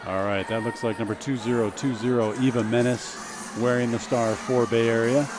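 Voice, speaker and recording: A man calling roller derby play-by-play, reading out skater numbers and names and quickly agreeing with his partner. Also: mid-range voice, steady tone. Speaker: play-by-play commentator.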